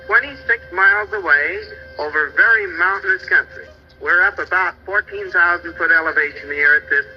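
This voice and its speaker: Folksy middle-aged man lecturer, high-pitched, on lo-fi archival tape with faint music behind. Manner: folksy, pointing out pictures, hunting for names. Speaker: travel lecturer narrating slides. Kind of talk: old slide-show travel lecture.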